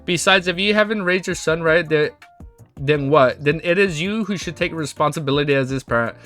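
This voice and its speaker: A man's voice: on the high side, fairly quick, fairly bright tone, faint music behind, lightly acted. A man putting on the voice of a smug, mocking young swordsman while reading a webtoon, drawing his words out. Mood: scornful.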